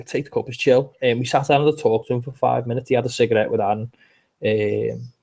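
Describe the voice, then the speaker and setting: A man's voice: mid-range voice, gravelly, dark tone. A man with a Liverpool accent, co-hosting a casual chat and telling rambling stories with lots of restarts. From England. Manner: chatty storyteller, rambling with restarts. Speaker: podcast co-host.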